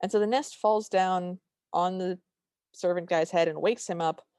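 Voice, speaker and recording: A woman's voice: on the low side, fairly even intonation, moderate pace, a little mellow, clear, resonant tone, no room sound, studio quality. A woman co-hosting a casual podcast, recapping a film in a chatty, enthusiastic way. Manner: chatty and enthusiastic, with lots of fillers and restarts. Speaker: podcast co-host.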